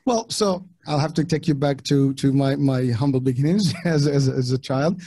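Man, from Morocco, French and Arabic native, middle-aged, halting, restarts often, dark voice, dry sound. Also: mid-range voice, no room sound. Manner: halting, with many restarts and fillers. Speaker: podcast guest. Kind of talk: casual interview talk.

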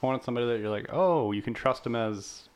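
A man's voice: mid-range voice, fast talker, smooth. A man co-hosting a casual podcast chat, playful and teasing. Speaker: podcast co-host.

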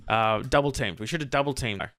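Sick and with a sore throat, a man co-hosts a podcast, joking, rambling and frequently starting over in casual conversation. His mid-range voice is fairly quick and a bit bright, captured at studio quality with no room sound.

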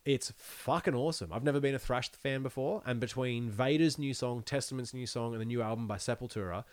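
A man's voice: mid-range voice, a little fast, no echo. A young man chatting as a podcast guest, laughing often, rambling and swearing freely. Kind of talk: casual interview chat.

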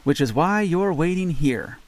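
A man voicing a brisk, wry, teasing female investigator in an audiobook. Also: fairly high pitch, lively intonation, dry recording, voice pushed up.

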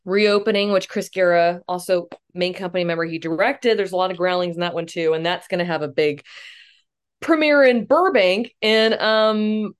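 A young woman, a comedic actress, telling a self-mocking story as a podcast guest, animated and swearing casually. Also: fairly low pitch, moderate pace.

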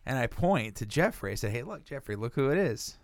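A man co-hosting a podcast, telling a profane, animated story with frequent laughter. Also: mid-range voice, brisk, dry recording. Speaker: podcast co-host. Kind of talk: casual storytelling.

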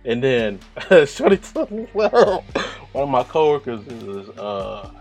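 A man's voice: medium pitch, lively intonation, slow pace, a little mellow, faint music behind. A young man hosting his own podcast, rambling casually with lots of fillers and swearing. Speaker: podcast host.

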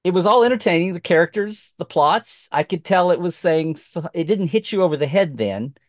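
Animated middle-aged man telling a story. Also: high voice, fairly quick, dry recording, clean studio sound. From Oklahoma. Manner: animated, acts out quoted voices, many restarts. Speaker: podcast guest. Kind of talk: casual storytelling chat.

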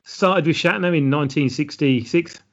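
A man's voice: a little high, normal speed. Dry-toned man, podcast co-host. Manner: reads out film facts, dry and matter-of-fact. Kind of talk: casual film podcast chat. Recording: dull lo-fi sound.

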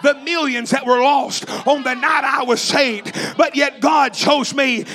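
A man from East Tennessee, preaching a fervent sermon in a church with shouted, repetitive lines. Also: very high voice, fairly even intonation, unhurried, vocal fry.

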